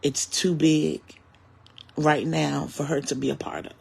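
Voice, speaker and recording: A man in his forties with a husky, gravelly voice delivers a personal monologue to his viewers. He is earnest and reflective, speaking with steady faith rather than performing jokes. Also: fairly high pitch, measured pace. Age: 40s. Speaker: comedian.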